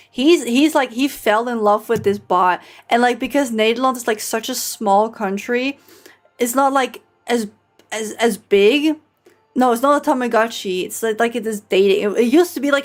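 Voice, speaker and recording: A woman chatting casually while streaming a game, rambling with many fillers and swearing. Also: on the high side. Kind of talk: casual let's-play chat.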